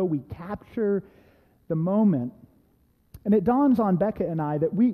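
A male pastor preaching a sermon, telling a personal story in a lively, conversational way with casual asides. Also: sits high, in a large hall, narrow, tinny audio. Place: church sanctuary.

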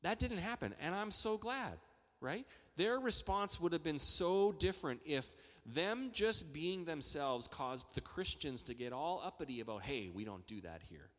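A man preaching a sermon as pastor, talking in a conversational way that builds to excited emphasis. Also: fairly high pitch, measured pace. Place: church hall. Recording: long reverb of a large church hall.

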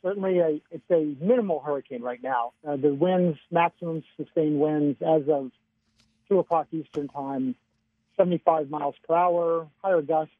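A man giving a casual radio weather forecast by phone, chatty and relaxed, often chuckling. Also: fairly high pitch, normal speed, dry recording. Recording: tinny phone line.

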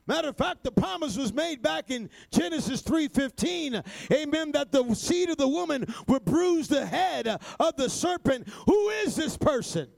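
A man preaching a sermon, building to shouted, rhythmic refrains and sprinkling his lines with "amen" and "uh". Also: very high voice, big pitch swings, moderate pace, creaky, hardly any pauses.

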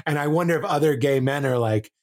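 An American man co-hosting a casual comedic chat, riffing fast and slipping into impressions. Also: a little high. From United States. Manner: animated, riffing, quick to slip into impressions. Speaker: podcast co-host.

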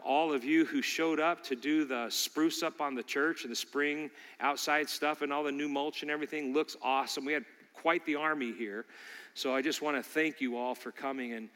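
A man's voice: medium pitch, a bit bright, long reverb tail. A male pastor preaching a sermon, emphatic and fond of repeating key lines for emphasis.

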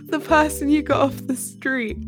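A woman's voice: high voice, fairly even intonation, moderate pace, over loud music. Teasing woman podcast host. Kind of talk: casual chat.

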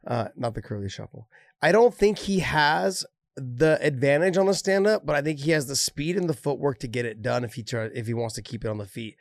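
A man's voice: mid-range voice, brisk, no room sound, clean studio sound. A man co-hosting a casual chat, joking and teasing his friends between fight talk. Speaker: podcast co-host.

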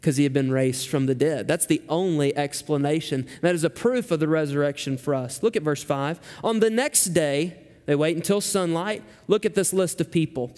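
A male pastor preaching a sermon emphatically, climbing high when he reads scripture aloud. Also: normal speed, few pauses, a little mellow, long reverb tail.

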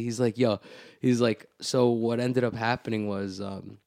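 A man's voice: medium pitch, moderate pace, vocal fry, dry recording, studio quality. A man telling a story in a casual podcast chat, leaning hard on "like" and swearing freely, often acting out what others said. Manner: animated storyteller, heavy "like", frequent swearing.

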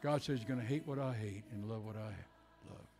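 A man in his eighties preaching a fervent revival sermon in a church, swinging from loud exhortation to soft personal words. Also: fairly low pitch, brisk. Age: 80s.

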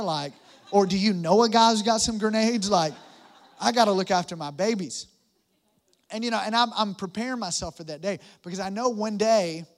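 A young man preaches to his congregation with a high-pitched voice. He is playful and animated, cracking jokes and talking straight to the crowd. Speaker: pastor. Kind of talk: sermon.

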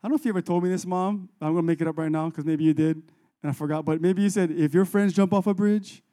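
Male pastor, high-pitched mellow voice, casual animated sermon delivery. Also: quick pace. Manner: conversational, animated, acts out biblical dialogue.

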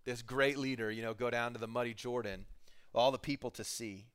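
A man's voice: medium pitch, fairly even intonation, a little fast, fairly bright tone, smooth. A middle-aged man preaching a casual sermon, retelling the story with jokes and acted-out bits of dialogue. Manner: casual, joking storyteller who acts out scenes. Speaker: pastor.

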